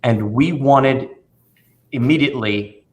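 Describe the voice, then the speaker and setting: Man, magician, storyteller, animated, acts out voices, medium pitch, video call. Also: slow. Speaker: magician and children's performer. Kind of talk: casual interview conversation.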